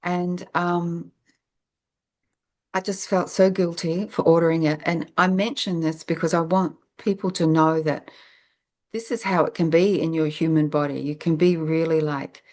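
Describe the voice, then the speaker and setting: A middle-aged woman with a low voice, talking as an interview guest. She tells her story casually, wanders between thoughts, and stops herself partway through sentences, with plenty of "um"s along the way. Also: steady tone, measured pace, darkish tone. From New Zealand. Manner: rambling, reflective, self-interrupting with fillers.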